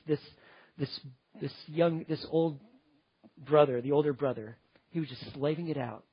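Husky high-voiced man preaching emphatically. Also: no echo, highs cut off. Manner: emphatic, earnest, piles up lists of words. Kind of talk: sermon.

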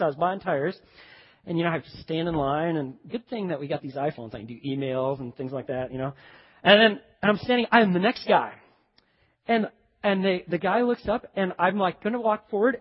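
A man preaching a sermon, telling a parable with animated storytelling and acting out the characters' voices. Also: high voice, slightly rough. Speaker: pastor. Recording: dull echoey hall.

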